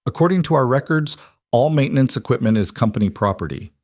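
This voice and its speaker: A man's voice: medium pitch, expressive, fast talker, a little mellow, no echo, clean studio sound, pitched above the performer's own voice. A man voicing a cold corporate HR officer who speaks in a formal, bureaucratic way.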